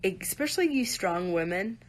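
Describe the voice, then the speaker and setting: A woman with a medium-pitched, animated voice talks at a moderate pace on a live stream. She addresses viewers earnestly and directly, leaning on "you guys" and "like," and occasionally seems near tears.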